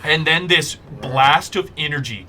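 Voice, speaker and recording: A man's voice: on the high side, unhurried, a crowd in the background. A man narrating as game master for a tabletop game, describing scenes with frequent fillers.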